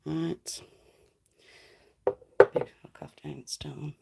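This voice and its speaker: A woman's voice: low voice, little pitch movement, extremely slow, gravelly, mellow, husky. A young woman, chatting on a live stream, giggling and swearing as she rambles. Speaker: livestreamer. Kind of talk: casual live stream chat.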